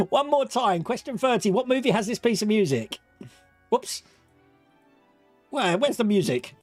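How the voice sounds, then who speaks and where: Giggly quiz host, mixed Australian-British accent. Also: male voice, high voice, sing-song, a little mellow, soft background music. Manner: giggly, playful, reads options slowly. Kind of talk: livestream quiz hosting.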